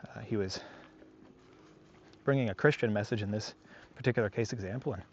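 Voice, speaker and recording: A man's voice: on the low side, brisk, breathy edge. A man working as a dog trainer, talking casually to the camera on an outdoor walk, rambling and reflective with many fillers.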